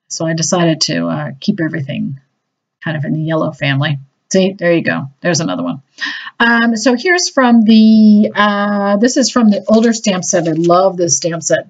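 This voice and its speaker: A woman chatting enthusiastically through a casual craft tutorial, a little self-deprecating. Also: medium pitch. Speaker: crafting demonstrator. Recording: slightly dull lo-fi audio.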